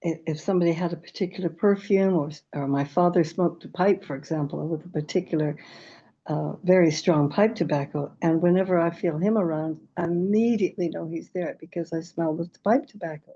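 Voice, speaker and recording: A woman, a medium and author, telling stories calmly and reflectively in an interview, with small stumbles. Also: on the low side, brisk, slightly rough, lo-fi sound. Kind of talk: conversational interview.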